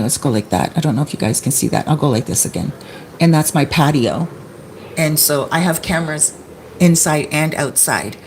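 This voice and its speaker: A woman's voice: deep voice, slight background noise. A woman who rents out apartments, telling a story to her phone camera in a casual vlog at home, often quoting people with "he's like.". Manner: chatty, quotes others with "he's like". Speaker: Airbnb host and vlogger.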